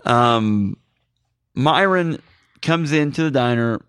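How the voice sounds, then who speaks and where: A man's voice: medium pitch, expressive, slow pace, a bit bright, clean tone, dry recording, studio quality. A man hosting a podcast, recapping a movie in casual chat, rambling and joking. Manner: rambling, joking, lots of fillers. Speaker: podcast host.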